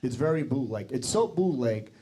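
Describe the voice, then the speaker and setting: Forties New stand-up, brash, crude, ribs the audience; slight background noise. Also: male voice, mid-range voice, lively intonation, normal speed, warm tone. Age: 40s. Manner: brash, crude, teasing the crowd. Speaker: stand-up comedian. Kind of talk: stand-up comedy set. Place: TV studio stage with live audience.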